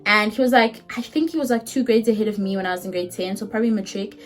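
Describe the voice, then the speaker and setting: A young woman in her twenties with a South African accent, telling a story in a chatty, animated, casual way and swearing freely. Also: mid-range voice, quick pace. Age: 20s. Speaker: vlogger.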